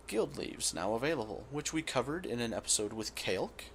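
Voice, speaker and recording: A man hosting a let's play, giving relaxed game commentary and thinking aloud with fillers. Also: medium pitch, moderate pace, hardly any pauses, a little hiss or hum.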